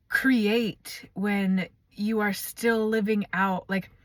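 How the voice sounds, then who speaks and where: A woman speaking as a trauma recovery coach in an unscripted vlog, sharing her own struggles in a raw, emotional way. Her speech is loose and profane, full of halting restarts. The recording is dry and close, with no room echo. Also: mid-range voice. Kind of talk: candid personal vlog monologue.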